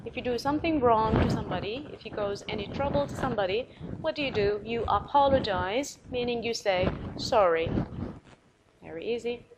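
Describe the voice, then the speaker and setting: This recorded English vocabulary lesson comes from a woman teacher with an Arabic accent who encourages learners, spells each word letter by letter and repeats it slowly. Her voice is a little high, and the recording is very noisy.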